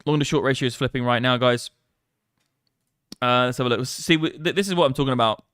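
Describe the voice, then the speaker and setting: A man's voice: medium pitch, fast talker, a bit bright, smooth, no echo, clean studio sound. A man hosting a crypto trading livestream, rambling casually and swearing freely. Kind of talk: live trading commentary.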